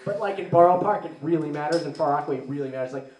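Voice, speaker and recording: Young man, live stand-up, sarcastic rambler, high voice, roomy distant sound. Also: very fast, a little mellow. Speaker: stand-up comedian. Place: live comedy venue. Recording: roomy, mic heard from a distance.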